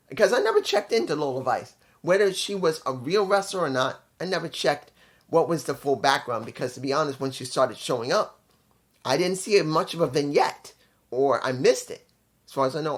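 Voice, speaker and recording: A host giving a loose, casual video review, blunt and opinionated, often stumbling over names and correcting themself. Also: medium pitch.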